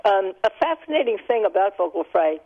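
A woman's voice: mid-range voice, big pitch swings, a little fast. An older woman, a linguist, explaining ideas thoughtfully as a guest on a radio talk show, with light laughs now and then. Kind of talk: radio interview answers. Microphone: telephone. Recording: phone-line audio.

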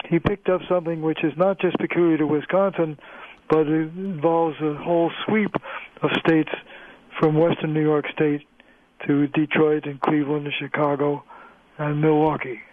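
A man's voice: a little high, no echo. A man who is a linguistics professor, patiently explaining as a guest on a radio interview. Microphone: phone line. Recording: tinny phone line, dry.

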